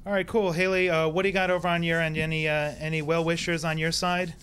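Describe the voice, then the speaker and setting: A man's voice: a little high, flat delivery, fast, a bit bright, slight background noise. A man with a Brooklyn accent hosting a live gaming show in an upbeat, joking way. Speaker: host. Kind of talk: live web show chat.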